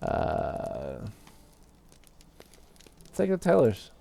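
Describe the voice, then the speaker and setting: A man casually commenting on his own game play as a let's-play host, relaxed and rambling. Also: medium pitch, extremely slow, vocal fry, faint music behind. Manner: relaxed, rambling, with many fillers. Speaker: gaming video host.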